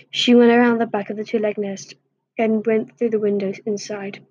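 A woman's voice: mid-range voice, flat delivery, normal speed, darkish tone, breathy edge, no room sound, lo-fi sound. A woman reading a fan story aloud in a plain voice, with slips and restarts along the way. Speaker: story reader.

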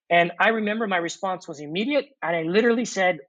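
A man guest in an interview, earnestly telling a personal testimony with reflective pauses and fillers. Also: high-pitched, fairly bright tone, no room sound, highs cut off. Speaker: former corporate executive turned mission worker.

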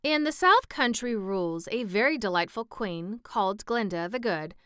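A woman's voice: medium pitch, lively intonation, fairly bright tone, clean tone, no echo, studio quality, voice pushed up, lightly acted. Woman reading a kindly scarecrow. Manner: kindly, measured. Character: kindly, wise male scarecrow. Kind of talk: audiobook reading.

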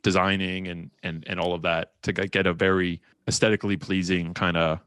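A man's voice: sits low, flat delivery, brisk, a bit bright, smooth, no echo, studio quality. A young man in casual chat, talking animatedly with restarts and acted-out quotes.

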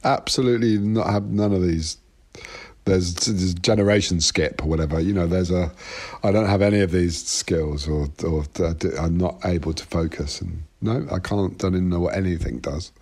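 Rambling husky-voiced man on a video call. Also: sits low, moderate pace, darkish tone. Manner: rambling, self-interrupting, swears freely. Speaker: interview guest. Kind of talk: casual video-call interview.

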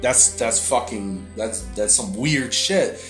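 A young man chats casually, telling a story full of swearing and "like" fillers, and gets animated as he goes. He sounds mid-pitched and roomy, with a little music playing faintly in the background. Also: slow pace. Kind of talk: casual chat. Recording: echoey room with loud music behind.

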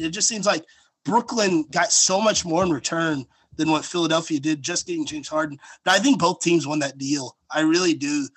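A young man co-hosting a sports podcast, rambling excitedly in casual chat with lots of fillers. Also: a little high, moderate pace, poor audio.

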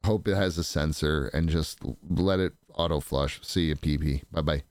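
A man's voice: a bass voice, normal speed, no room sound, clean studio sound. A man co-hosting a podcast in crude, casual banter, swearing often and breaking into exaggerated voices. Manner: profane, animated, jumps into exaggerated voices. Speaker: podcast co-host.

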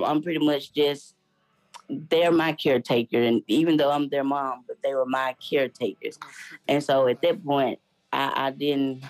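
A woman's voice: low voice, a little mellow, no room sound, rough recording. A woman guest telling her faith testimony in a casual, earnest way, acting out the voices of people in her story.

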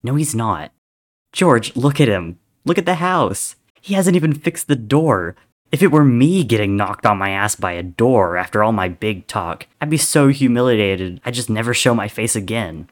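A man's voice: mid-range voice, expressive, moderate pace, lightly acted. A man reading a story aloud, voicing a brash young man who mocks his friend in a raised, teasing voice. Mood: taunting.

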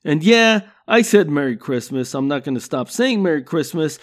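A man's voice: on the high side, expressive, normal speed. A man hosting a comedy podcast, ranting with constant swearing and laughing at his own jokes. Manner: swears constantly, laughs at own jokes, "you know what I'm saying". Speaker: podcast host. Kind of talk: profane comedic rant.

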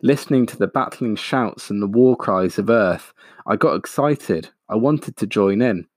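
A man's voice: on the low side, a little slow, dry recording, studio quality. A man voicing an exhausted, defeated giant male space dragon who pleads and wails. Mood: mournful. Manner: pleading, wailing.

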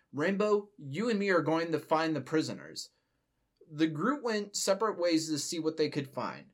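A young man reading a fan story aloud for laughs, breaking off for joking asides. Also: on the high side. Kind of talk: comedic dramatic reading.

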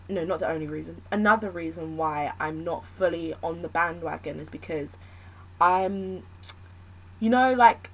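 A woman's voice: on the low side, slight background noise, rough recording. A woman talking alone in a casual, candid chat, thinking aloud and rambling between points.

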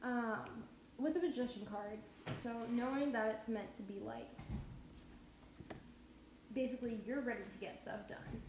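A woman's voice: on the high side, expressive, unhurried, long pauses. Chatty woman podcaster in an echoey room. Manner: chatty, goofy, breaks into off-key singing and tangents. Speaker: podcast host. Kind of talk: casual podcast reading and chat. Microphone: home podcast mic. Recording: echoey room with faint background noise.

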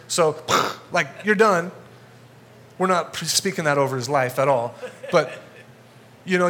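In church, a male pastor with a fairly high pitch preaches to his congregation, energetic and conversational, getting fired up as he goes.

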